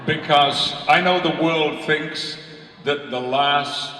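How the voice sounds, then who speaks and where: A man's voice: fairly high pitch, steady tone, takes it slowly, pushed and bright. A man telling stories on a convention panel in a dry, wry way, heard in a large hall. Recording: echoey hall from far off.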